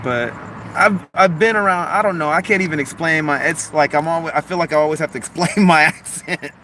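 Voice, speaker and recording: A man with a Long Beach, Los Angeles accent rambles through a casual live stream and reads viewer comments aloud. His voice is bright and forceful and sits fairly high for a man. He talks animatedly, leaning on "like" and "man.". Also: fairly quick, a little hiss or hum. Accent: Long Beach, Los Angeles mix. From Los Angeles harbor area, USA.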